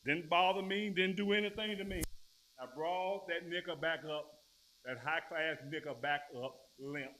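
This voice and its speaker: A middle-aged man preaching a sermon in plain, colloquial speech, rising to loud declarations and dropping into low storytelling. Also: steady tone, normal speed, a little hiss or hum.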